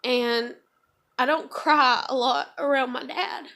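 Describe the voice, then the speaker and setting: High-voiced woman confiding emotionally. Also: fairly even intonation, takes it slowly, bright, forceful tone. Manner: emotional, rambling, many fillers. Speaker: vlogger. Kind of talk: confessional vlog monologue.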